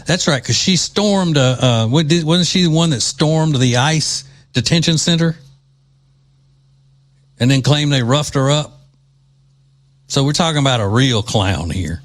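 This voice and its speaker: A man's voice: a little high, unhurried, pauses often. A man from Louisiana hosting a political talk show, delivering mocking, indignant commentary.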